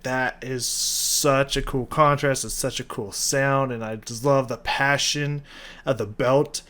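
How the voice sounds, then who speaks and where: A man's voice: mid-range voice, a bit bright. A man giving casual, enthusiastic commentary while reacting to a song, swearing freely and padding his talk with fillers. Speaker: music reaction youtuber.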